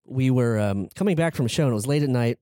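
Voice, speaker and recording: Male podcast co-host, casual storyteller full of uh's and restarts; mellow, dry sound. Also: medium pitch, lively intonation, fast, dry recording. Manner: rambling storyteller, many fillers and restarts. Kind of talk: casual chat.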